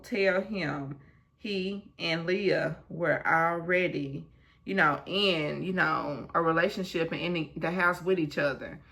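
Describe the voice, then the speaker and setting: A woman with a low, gravelly voice recaps a reality show in a casual vlog. She takes her time, acts out what people said, and drops blunt asides along the way. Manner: animated retelling, acts out quotes, blunt asides.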